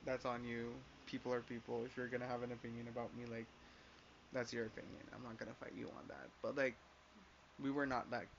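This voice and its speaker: A man's voice: medium pitch, vocal fry. A young man telling a story in a casual rant, swearing often, emphatic and full of "like". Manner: profane, emphatic, uses "like" a lot. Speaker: vlogger. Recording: slightly dull lo-fi sound with faint hiss.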